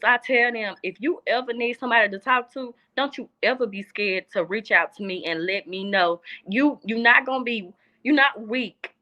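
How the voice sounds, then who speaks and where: A woman's voice: mid-range voice, pushed and bright, highs cut off. A young woman with a Southern US accent, talking earnestly in a casual chat and repeating phrases for emphasis. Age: young adult. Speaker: guest.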